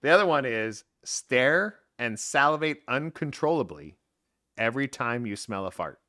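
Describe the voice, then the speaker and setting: A man co-hosting a podcast, talking in an animated, playful, joking way. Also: mid-range voice, moderate pace, no room sound, studio quality. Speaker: podcast co-host. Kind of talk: casual joking chat.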